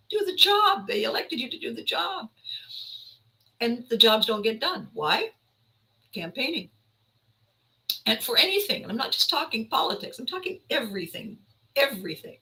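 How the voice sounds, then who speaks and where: Bright-voiced woman telling wry stories. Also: fairly high pitch, moderate pace, long pauses, rough recording. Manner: animated, wry, repeats lines for emphasis; acts out quoted voices. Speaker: podcast host. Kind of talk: storytelling monologue.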